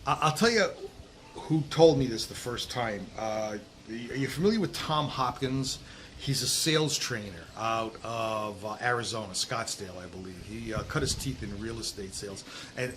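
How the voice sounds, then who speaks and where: A man's voice: mid-range voice, a bit bright. Emphatic middle-aged man coaching outdoors. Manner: emphatic, drawn-out stresses, drops to near whisper at times. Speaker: sales coach. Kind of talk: direct-to-camera coaching talk. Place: outdoors in a breezy warm place. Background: wind noise.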